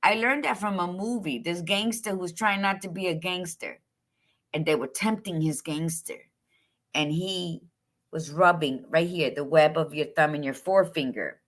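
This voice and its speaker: A middle-aged woman co-hosting a casual talk show, chatting in an expressive, frank and folksy way, with Spanish words mixed in. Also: lowish voice, moderate pace. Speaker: podcast co-host. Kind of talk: casual chat.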